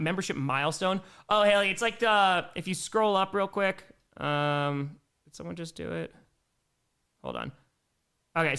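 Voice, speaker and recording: A man's voice: a little high, vocal fry, smooth. A young man hosting a live stream, reading viewer messages aloud, thanking them, and calling the plays. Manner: bursts into excited play calls. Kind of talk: live play-by-play and chat reading.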